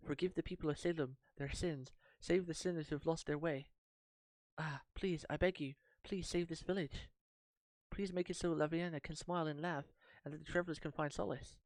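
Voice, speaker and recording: A man's voice: fairly high pitch, dry recording, close to an everyday voice. A man voicing a frightened young girl who prays and pleads in secret.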